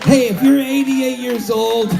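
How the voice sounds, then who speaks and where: A man in his fifties from Southern California, telling a story on stage between songs, animated and laughing, calling out to the crowd. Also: very high voice, measured pace, gravelly, over loud music, rough recording. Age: 50s. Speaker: musician. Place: live concert stage.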